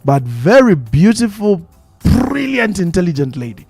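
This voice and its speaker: A man with a Zambian English accent hosting a live radio talk show, telling stories in an animated way and repeating phrases for emphasis. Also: high-pitched, a little slow, vocal fry, husky, faint music behind. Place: radio studio. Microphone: studio microphone.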